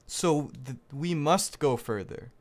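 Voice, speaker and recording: A man with a somewhat high voice arguing his point in a loose conversation. He talks emphatically and leans into exaggeration, swearing casually. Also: takes it slowly. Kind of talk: casual political chat.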